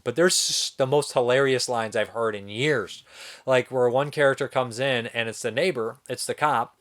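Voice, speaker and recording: A man's voice: mid-range voice, normal speed, fairly bright tone. Man rambling through a bad-movie review. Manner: rambling, incredulous, swears casually. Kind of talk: casual spoken film review.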